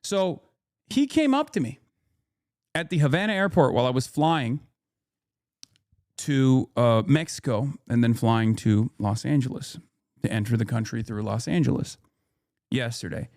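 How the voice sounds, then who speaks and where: A man's voice: medium pitch, lively intonation, a little slow, pauses often, darkish tone, dry recording, studio quality. A man streaming casual commentary, swearing freely and rambling in an indignant tone.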